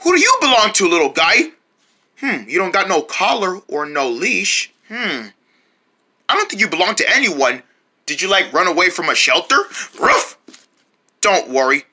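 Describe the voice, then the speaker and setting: A performer in a homemade comedy skit chats playfully and fondly with a stray puppy. The voice is very bright and sharp, and the pitch moves a lot. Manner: chatty, playful and fond.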